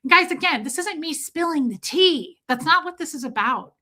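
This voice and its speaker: A woman hosting a casual livestream tells a story emphatically, performing the voices of the people in it. Her high, animated voice is bright and forceful, at a moderate pace.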